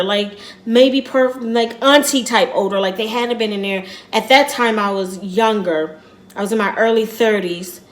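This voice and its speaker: In a casual vlog, a middle-aged woman with a voice on the high side tells a personal story earnestly and quietly, rambling and repeating herself along the way.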